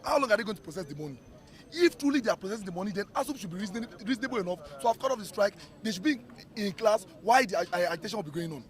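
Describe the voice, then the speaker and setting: A man's voice: high voice, lively intonation, racing. A man with a Nigerian accent leading a student protest, pressing an official with repeated, emphatic demands outdoors. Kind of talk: heated protest confrontation. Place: outdoors at a ministry among a crowd.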